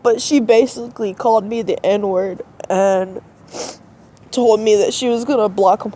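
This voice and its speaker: Warm and a little slow, a woman's medium-pitched voice stays steady as she vlogs by a road at dusk, faint traffic behind her. Her nose is stuffy from crying, and she talks hesitantly into her phone, rambling casually to the camera outdoors.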